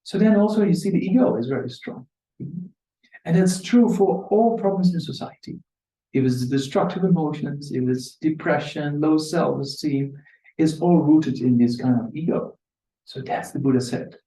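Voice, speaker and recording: A man gives a relaxed dharma talk in a roomy hall, his voice mellow and slightly raised in pitch. He speaks conversationally, chuckles often, and jumps higher when he acts out quotes. The mic sits some way off, so the sound is distant and echoey. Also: normal speed. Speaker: Buddhist teacher. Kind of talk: dharma talk to a live audience. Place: meditation centre hall.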